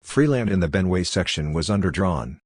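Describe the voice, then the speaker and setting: A man giving an audiobook reading of letters in a steady, even tone. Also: low voice, moderate pace, husky, no room sound, studio quality. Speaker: reader.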